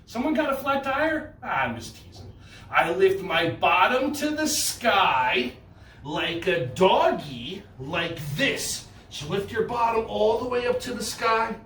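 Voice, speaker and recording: A man's voice: sits high, very animated, takes it slowly, a bit bright, reverberant, recorded from a distance, slight background noise. A man from New Jersey with a New Jersey accent, leading a playful children's yoga class indoors and cheering the kids on. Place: indoor room.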